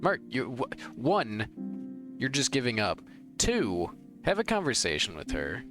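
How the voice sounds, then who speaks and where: A man's voice: mid-range voice, huge pitch swings, a little slow. A young man giving emotional, rambling gameplay commentary, arguing with the characters on screen. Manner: rambling, heated, talks to the screen. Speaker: let's play gamer. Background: game music.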